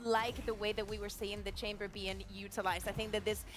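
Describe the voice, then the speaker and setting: Fast-talking woman esports analyst. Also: medium pitch, level tone. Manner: quick, chatty analysis with restarts. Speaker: esports analyst on a broadcast desk. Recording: music playing under the voice.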